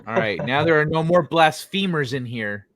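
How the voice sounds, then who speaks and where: A man's voice: on the high side, animated, normal speed, a bit bright. Teasing man hosting a gaming chat. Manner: joking, teasing, laughs often. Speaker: host. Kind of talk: casual chat.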